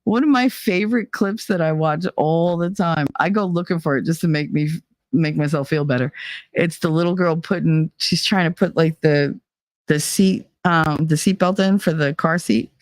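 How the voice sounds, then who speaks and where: A woman's voice: low-pitched, moderate pace, no echo. Blunt, swearing woman chatting solo. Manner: blunt, opinionated, swears freely, laughs often. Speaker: podcast host. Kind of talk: casual solo chat.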